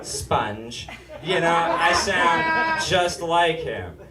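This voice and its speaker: A young man from Utah doing a stand-up comedy set with a whiny, nasal delivery that rises into shouts. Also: fairly high pitch, expressive, drawn-out words, heavy background noise. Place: live comedy stage before an audience. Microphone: stage microphone. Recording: roomy live-venue sound, mic a bit distant. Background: audience laughter.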